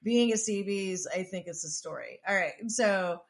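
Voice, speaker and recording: A woman co-hosting a podcast recounts a story in loose, casual chat. She swears freely, restarts her sentences often and fills gaps with "like". Her voice sits at an ordinary middle pitch. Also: normal speed. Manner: profane, rambling, with frequent restarts and "like". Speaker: podcast co-host.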